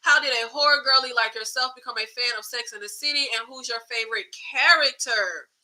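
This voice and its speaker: Bright, high-voiced woman livestream host. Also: brisk, poor audio. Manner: animated, swears freely, reads viewer comments. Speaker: YouTube host. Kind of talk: casual livestream chat.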